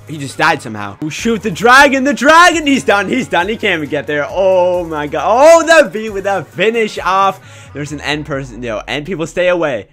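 A young man commentating his own gameplay in a casual, excitable way, often breaking into shouts. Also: fairly high pitch. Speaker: gaming YouTuber.

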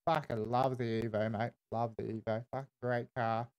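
A man's voice: mid-range voice, little pitch movement, normal speed, darkish tone, clean tone, highs cut off. An Australian man streaming casual in-character game roleplay, laid-back and swearing constantly, tagging "eh" onto his lines.

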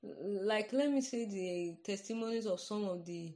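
A woman's voice: mid-range voice, moderate pace, darkish tone. A Nigerian-accented woman preaching in an informal podcast sermon, earnest and conversational, often checking "you understand?".

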